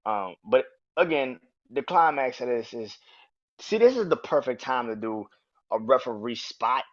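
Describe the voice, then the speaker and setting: Profane, animated man reviewing wrestling. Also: mid-range voice, measured pace. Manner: animated, profane, acts out quotes in raised voices. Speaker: podcast host. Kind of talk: casual match review. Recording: dull lo-fi audio.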